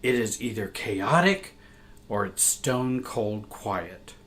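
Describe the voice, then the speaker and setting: Slow, measured male storyteller. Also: lowish voice, lively intonation, a bit bright, slight background noise. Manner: slow, measured, emotional reading. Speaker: therapist and show host. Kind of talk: reading a personal story aloud.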